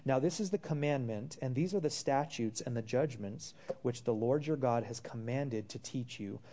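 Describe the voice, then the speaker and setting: A man's voice: medium pitch, moderate pace, dark tone. A man preaching a sermon, reading scripture aloud and pressing the congregation with rhetorical questions and casual asides. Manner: calls listeners brothers and sisters, casual asides.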